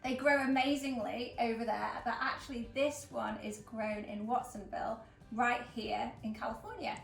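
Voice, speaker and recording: A woman's voice: fairly high pitch, fairly even intonation, normal speed, creaky. A woman from England, hosting a casual flower-arranging demonstration in a chatty, upbeat way with plenty of fillers. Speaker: florist host. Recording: roomy echo, mic at a distance, faint background music.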